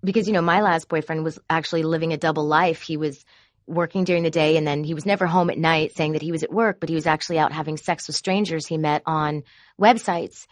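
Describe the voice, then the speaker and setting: A woman who produces court shows tells candid, confessional stories about her job and grows animated when she quotes herself. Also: low-pitched, fast talker, no room sound. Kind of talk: personal storytelling.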